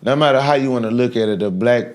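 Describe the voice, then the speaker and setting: Brash, loud-laughing man in a sit-down chat. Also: medium pitch, fast talker. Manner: brash, animated, laughs loudly. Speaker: guest. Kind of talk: casual interview talk.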